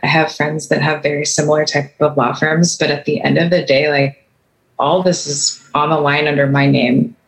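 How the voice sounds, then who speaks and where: A woman's voice: low-pitched, level tone, moderate pace, gravelly, rough recording. A woman attorney who is a guest on a podcast, chatting frankly and casually with lots of fillers. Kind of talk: casual interview chat.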